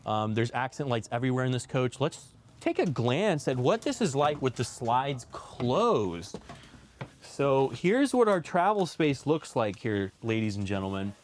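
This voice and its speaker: A young man presenting a casual, enthusiastic walkthrough tour of a motorhome, chatty and now and then dropping to a soft, low voice. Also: big pitch swings, unhurried, a little hiss or hum. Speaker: RV dealer presenter.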